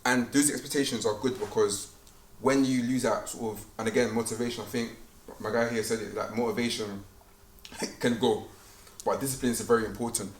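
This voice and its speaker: A man's voice: mid-range voice, steady tone, a little fast. Young man, conference speaker, casual slangy storyteller; distant mic in a big echoey hall. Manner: chatty, slangy, storytelling with laughs. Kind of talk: casual faith talk to students. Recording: roomy hall, distant mic, background hum.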